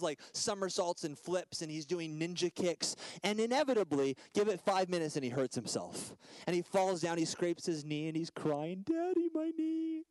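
A man's voice: a little high, no echo, poor audio. Dynamic preacher, man, dry close sound. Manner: dynamic, swings from loud emphatic lines to soft hushed ones. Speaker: guest preacher. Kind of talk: sermon.

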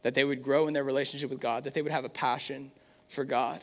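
A man's voice: mid-range voice, fairly even intonation, fast. A man preaching a sermon in an earnest, conversational way, with fillers and restarts. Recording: long hall reverb.

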